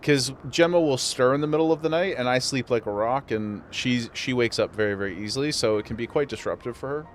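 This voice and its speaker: A man's voice: medium pitch, quick pace, hardly any pauses, slight background noise. A man streaming a game, chatting casually with viewers and laughing often. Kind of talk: casual live-stream chat while gaming.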